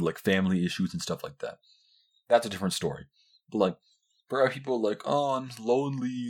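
A young man hosting his own podcast, ranting casually and profanely, rambling with constant fillers. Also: slightly rough. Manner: mocks others in high squealing voices. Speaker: podcast host. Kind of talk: casual solo rant.

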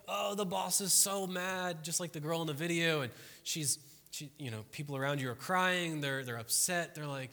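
A man's voice: mid-range voice, bright, forceful tone. A man preaching a conversational sermon to a congregation, often checking in with the room and acting out quoted voices. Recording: long hall reverb.

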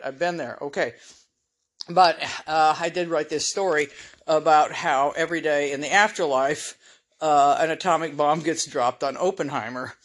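A woman hosting her own podcast in a casual solo monologue, blunt and opinionated, swearing freely and chuckling at her own asides. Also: low voice. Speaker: podcast host.

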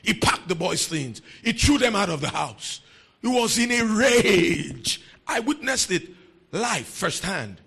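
Gravelly, lively preacher man. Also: sits high, slow. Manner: emphatic, repeats key phrases, swings from quiet to shouting. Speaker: pastor. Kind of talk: sermon.

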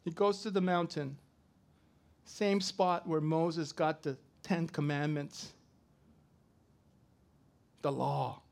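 A middle-aged man preaching a sermon, swinging from loud to soft as he tells a story. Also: fairly high pitch, steady tone, takes it slowly, creaky, long pauses. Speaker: pastor.

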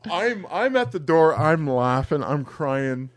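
A man's voice: a little high, takes it slowly, heavy background noise. Profane, laughing male storyteller. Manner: animated, laughing, profane anecdote telling. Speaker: podcast co-host. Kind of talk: casual storytelling.

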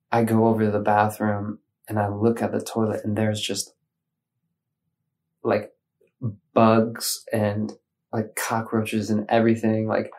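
A man from Michigan telling a personal story in casual conversation, acting out his own thoughts in changing voices. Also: fairly low pitch. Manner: animated, acts out his own inner voices. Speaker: guest.

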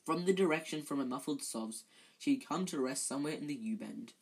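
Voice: medium pitch, expressive, brisk, slightly rough, poor audio. A reader narrating a novel aloud in an amateur way, often stumbling and correcting themselves.

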